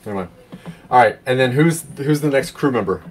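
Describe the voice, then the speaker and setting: A man in casual brainstorming chat, easygoing and joking, chiming in with quick additions. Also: mid-range voice, lively intonation, breathy edge.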